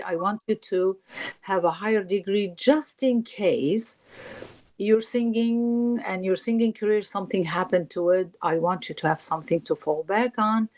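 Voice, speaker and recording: A woman from Syria telling stories from her life as an interview guest, animated and acting out quoted voices. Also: fairly low pitch, low-quality recording. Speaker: singer and guest. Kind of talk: casual interview storytelling.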